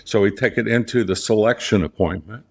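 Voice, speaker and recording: A man's voice: fairly low pitch, brisk, vocal fry, husky. A middle-aged man with a Southern US accent, a portrait photographer and studio owner, speaking as an interview guest in his studio. He talks earnestly and with emphasis, often restarting and repeating his key phrases. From Southern United States. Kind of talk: conversational interview storytelling.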